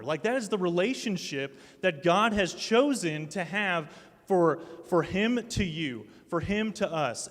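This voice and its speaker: At a student ministry night, a high-voiced man in his thirties gives a sermon built around funny, self-mocking family stories, told in an animated way. A live audience is present, and his voice echoes with long reverb through a large hall.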